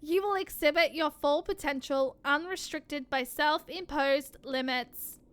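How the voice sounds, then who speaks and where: A cold combat machine speaks in a flat, robotic monotone, as a woman puts it on while reading game dialogue. The tone stays bright and the delivery slow and measured, every word clinical and detached. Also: sits high. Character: cold calculating combat machine, analytical, emotionless.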